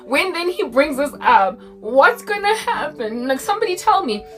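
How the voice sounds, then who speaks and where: A South African woman in her forties talks in a bright, high voice, animated and full of slang as she spins a casual story. She sits slightly back from the mic, and soft music plays underneath. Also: normal speed, far from the mic. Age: 40s. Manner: animated, laughing often, slangy. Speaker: Christian content creator.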